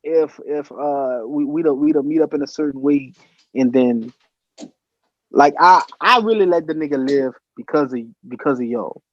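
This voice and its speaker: Mid-pitched man, dull dry sound. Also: normal speed, no echo. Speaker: podcast guest. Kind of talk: casual storytelling chat.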